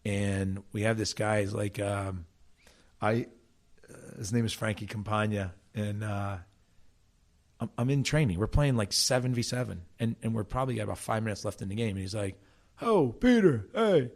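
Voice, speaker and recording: With a fairly low pitch and moderate pace, a middle-aged soccer coach from South Jersey, USA, recounts stories as a guest. A former player himself, he talks animatedly in this casual interview and frequently starts over.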